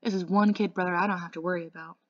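A protective older brother lays down the rules in a firm, lecturing tone, as a woman reads him aloud. The voice sits a touch higher and louder than plain narration. The sound is dry and slightly dull. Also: fairly even intonation, very fast, dry recording, close to an everyday voice. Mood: teasing. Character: Darry, bossy protective teenage big brother.

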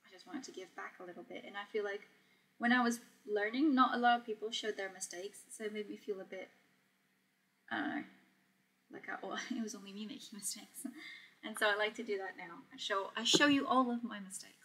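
Talking a little fast, a young Portuguese woman hosts a relaxed sewing livestream in a mid-range voice with a fairly bright tone and a breathy edge. She's chatty, reads the chat aloud as she works, and laughs frequently.

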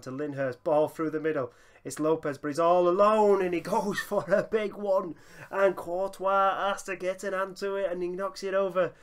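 A young man giving excitable running commentary over a football management game, breaking into laughter and shouts. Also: a little high. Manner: excitable, bursts into shouting and laughter at big moments. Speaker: gaming YouTuber.

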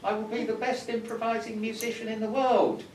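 A man voicing a boastful talking frog who claims to be a cursed musician, in a squeaky high voice, recorded from far off in a roomy, noisy classroom. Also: flat delivery, brisk, a little mellow, natural voice. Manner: squeaky, pleading then eager and boastful.

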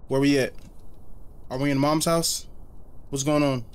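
A man's voice: medium pitch, steady tone, unhurried, clean tone. A man hosting a horror game let's play, talking casually and reacting aloud in a chatty way. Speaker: gaming video host.

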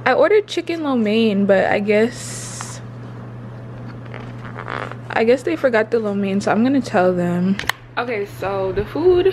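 Holding a phone or camera, a woman in her twenties vlogs casually from a hotel room in a cheerful mood, often breaking into laughter. Her pitch is medium, and there's noise in the background.

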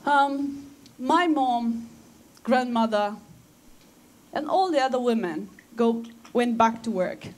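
A woman from Afghanistan speaks in English, her voice sitting a little high. She talks earnestly and with feeling to a room of students. She often breaks off and restarts her phrases. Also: slow pace. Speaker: guest speaker at a school talk. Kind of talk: personal talk to students. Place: school assembly room.

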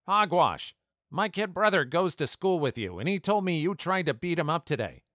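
A man doing a menacing teen bully, pitched high. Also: big pitch swings, normal speed, no echo, studio quality. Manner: menacing, shouting. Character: threatening teenage boy bully.

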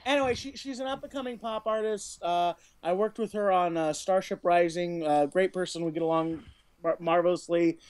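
Rambling, chuckling American podcast co-host. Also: male voice, fairly high pitch, a little mellow. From United States. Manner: rambling, chuckling, jokey asides. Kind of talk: casual podcast chat.

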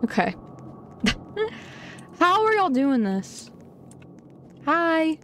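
A young woman doing live gameplay commentary, bubbly and easily startled as she talks to her viewers. Her voice sits high and swings widely in pitch, and she takes her time between lines. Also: very slow, slight background noise. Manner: excitable, gasping and giggling, chatting to viewers. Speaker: gaming streamer.

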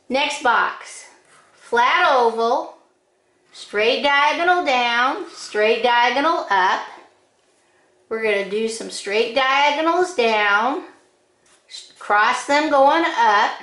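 A woman giving a drawing lesson, calling out short steps one at a time in a slow, patient way. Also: fairly high pitch, lively intonation, fairly bright tone, reverberant. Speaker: drawing teacher. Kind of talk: step-by-step drawing instruction.

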